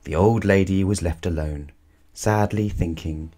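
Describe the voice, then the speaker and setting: A man reading a children's bedtime story aloud in a calm, measured way. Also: low-pitched.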